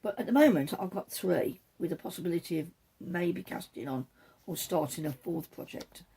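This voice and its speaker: A woman's voice: fairly low pitch, lively intonation, moderate pace, gravelly, dark tone, breathy edge. A woman hosting a knitting podcast from the back room of her home, chatting casually and wandering off topic now and then. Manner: rambling, self-deprecating, digresses. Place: back room at home, patio door open.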